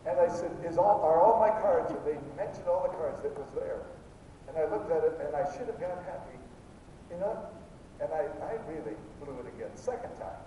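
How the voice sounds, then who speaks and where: An older man preaching a fervent sermon as pastor, swinging between shouts and a soft, confiding storytelling voice. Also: animated, brisk. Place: church sanctuary. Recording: echoey hall from far off, dull sound, faint rumble.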